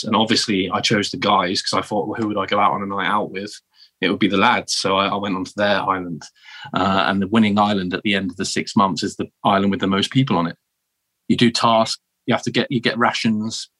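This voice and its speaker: Low-voiced laid-back British man. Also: pushed and bright. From United Kingdom. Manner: laid-back, chatty, often says "man" and "um". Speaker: podcast guest. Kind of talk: casual interview storytelling.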